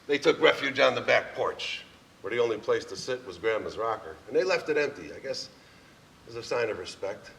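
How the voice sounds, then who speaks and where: A man's voice: mid-range voice, vocal fry, a bit bright, a little hiss or hum. A man performing a heartfelt personal monologue on a theater stage, telling his story with frequent chuckles. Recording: distant stage recording, faint ambience.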